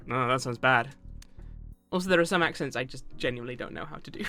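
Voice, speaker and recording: A giggly woman streamer chatting through a game, self-deprecating and animated. Her voice is bright and forceful, with faint music under it. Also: rumbling low, normal speed, long pauses. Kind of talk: casual gameplay commentary.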